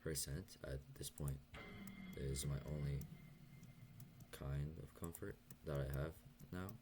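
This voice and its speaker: A young man talking softly and hesitantly in a late-night confessional vlog, stuttering and pausing as he goes. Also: rumbling low, fairly even intonation, background noise. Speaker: vlogger.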